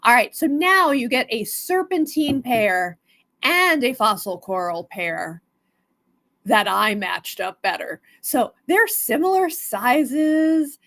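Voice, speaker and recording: A woman's voice: a little high, sing-song, slow, fairly bright tone. A woman hosting a live stone sale stream, chatting casually and greeting viewers by name.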